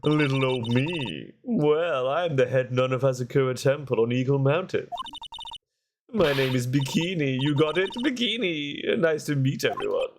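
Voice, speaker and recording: A man's voice: mid-range voice, animated, normal speed, lightly acted. A brash, chatty older nun who teases everyone in the room, as a man puts her on in a game playthrough. She talks in a bold, cheeky way. The recording carries a noisy background.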